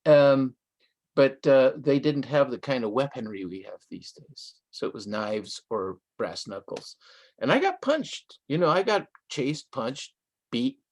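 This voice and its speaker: An older man from Southern California talks as the guest in a live online interview, spinning a story at an easy conversational pace. His voice sits at an ordinary middle pitch, and he drops Spanish phrases into his English as he goes. Short laughs come up between his lines. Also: sing-song, measured pace. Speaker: guest author.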